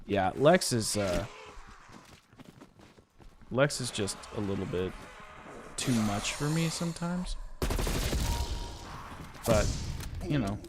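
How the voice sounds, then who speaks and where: A man's voice: fairly low pitch, lively intonation, slow, pauses often, noisy background. A man casually chatting on a live stream while gaming, rambling and reading chat aloud.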